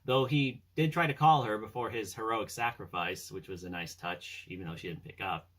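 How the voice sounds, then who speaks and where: A film fan with a lowish, fairly bright voice chats casually about his favorite movies at a moderate pace. He rambles, filling his talk with fillers and "he's all like" retellings of scenes.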